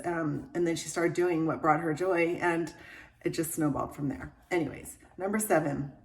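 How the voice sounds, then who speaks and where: A woman's voice: deep voice, fairly even intonation, moderate pace, creaky. A woman in her fifties with a Southern American accent, chatting and gushing about a book, laughing often. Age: 50s. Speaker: book reviewer. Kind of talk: casual chat.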